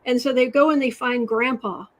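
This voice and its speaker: A woman from West Virginia hosting a tarot and astrology livestream, telling stories in a rambling, animated way with sudden emphatic outbursts. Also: a little high, normal speed. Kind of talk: casual chat, storytelling.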